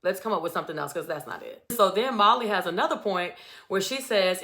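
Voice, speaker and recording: A woman's voice: medium pitch, fairly quick. A woman giving a casual, sassy recap of a reality show episode, acting out the contestants' lines with lots of attitude. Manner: animated, sassy, acts out quotes with attitude.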